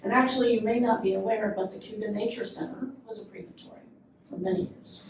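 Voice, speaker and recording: An older woman with a Southern US accent, an author and librarian who chats a little with many ums before reading her memoir in a steady, measured way. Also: medium pitch, dull audio, background noise. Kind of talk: casual introduction, then reading her memoir aloud. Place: event room at a literary festival. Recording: echoey hall, voice from far off, faint ambience.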